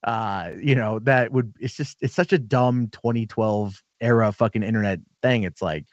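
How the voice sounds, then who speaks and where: A man's voice: mid-range voice, normal speed, no echo, lo-fi sound. A man, a guest on a podcast, chatting casually and telling rambling, profane anecdotes.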